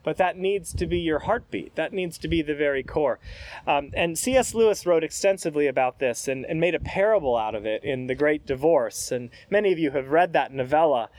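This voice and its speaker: A man's voice: a little high, lively intonation, a little fast, a little mellow, no room sound. A man preaching a sermon as pastor, conversational and hesitant with fillers.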